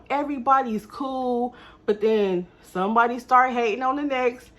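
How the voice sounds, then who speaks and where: A woman's voice: fairly high pitch, moderate pace. Exasperated young woman telling a story. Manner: animated, exasperated storytelling to viewers. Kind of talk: casual storytime monologue.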